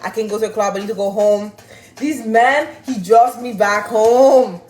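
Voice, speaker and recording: A young woman, telling a story casually to her viewers in an animated, swearing manner and laughing often. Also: on the high side, moderate pace. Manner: animated, swearing, laughing, reading chat aloud. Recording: roomy with faint music.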